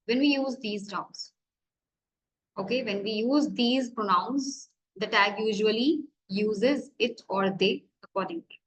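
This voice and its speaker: A woman's voice: a little high, takes it slowly, low-quality recording. A woman college lecturer with an Indian English accent, teaching grammar and asking and answering her own questions.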